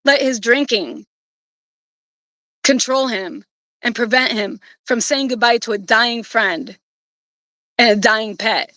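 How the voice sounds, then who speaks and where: A woman's voice: on the high side, a little slow, long pauses, bright, forceful tone, dry recording, rough recording. A woman streamer telling a personal story in a casual, rambling way, swearing bluntly.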